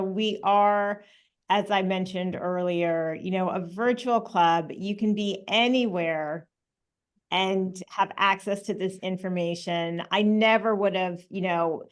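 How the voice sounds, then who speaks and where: A woman's voice: mid-range voice, measured pace, clear, resonant tone. A woman hosting a webinar over a video call from home, talking casually with fillers and thanking her guests. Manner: friendly, filler-heavy, stops to read questions. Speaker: webinar host. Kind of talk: casual online webinar talk.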